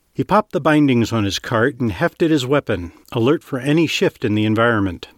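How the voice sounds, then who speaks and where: A man's voice: medium pitch, dry recording. Man narrating fiction, dry close mic.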